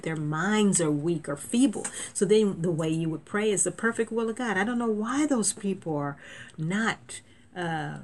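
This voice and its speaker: A woman's voice: lowish voice, slight background noise. A woman preaching an informal sermon, conversational and emphatic, with frequent laughs and restarts.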